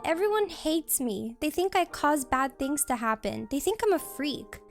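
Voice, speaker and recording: A woman plays a sad, lonely teenage girl who pleads softly. The voice lifts a little above the reader's own. Faint music hums behind. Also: high-pitched, very animated, moderate pace. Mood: despairing.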